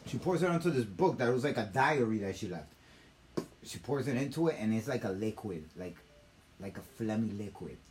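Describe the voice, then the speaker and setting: A young man, host of a talk show, telling a story in a casual, animated, profane way. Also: fairly low pitch, fairly quick.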